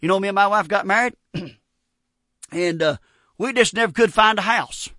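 A man preaching a folksy, storytelling sermon, animated and punctuated with amens. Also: high-pitched, moderate pace, no room sound, clean studio sound.

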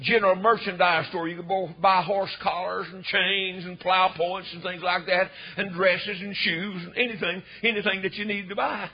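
A fervent older preacher with a high, husky voice. He tells his story emphatically and climbs into shouts. The recording is dull and lo-fi. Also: fairly even intonation, normal speed, few pauses.

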